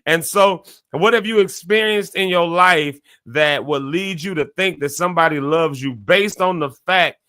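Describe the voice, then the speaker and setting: A man hosting a morning show, telling a story in a casual, animated way, restarting his sentences often. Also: normal speed, hardly any pauses, clear, resonant tone, no room sound, clean studio sound. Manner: animated storyteller, many restarts, sudden jumps in pitch. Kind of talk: casual spoken reflection.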